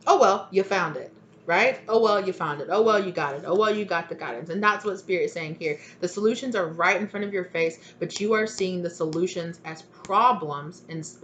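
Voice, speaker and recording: A woman's voice: on the low side, normal speed, a bit bright, highs cut off, slight background noise. A woman giving a casual spoken tarot reading, rambling and chatty, with many fillers and restarts. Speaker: tarot reader.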